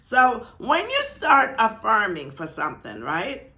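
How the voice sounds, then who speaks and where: A woman hosting a spiritual talk, speaking slowly and emphatically, repeating key phrases and checking in with viewers. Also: fairly high pitch, wildly swooping pitch, sharp tone. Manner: addresses viewers directly with "right?" and "y'all". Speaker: spiritual channel host. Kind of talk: teaching talk to camera.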